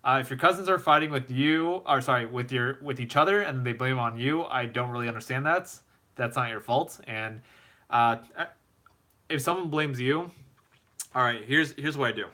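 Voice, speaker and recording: Guy with a bright voice doing a live q&a, lots of ums, repeats himself, reads out chat. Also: mid-range voice, normal speed. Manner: rambling with fillers and repeated words, reads chat messages aloud. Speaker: host. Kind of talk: live stream Q&A, casual advice.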